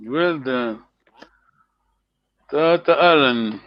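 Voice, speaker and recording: A man's voice: medium pitch, very slow, no room sound. A man teaching a language lesson over a video call, patient and encouraging, laughing often. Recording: dull lo-fi video call audio.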